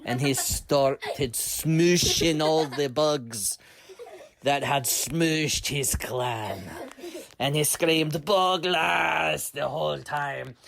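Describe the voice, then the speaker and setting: A man's voice: fairly high pitch, drawn-out words, vocal fry. A man telling a children's story in a playful manner, often laughing as he goes.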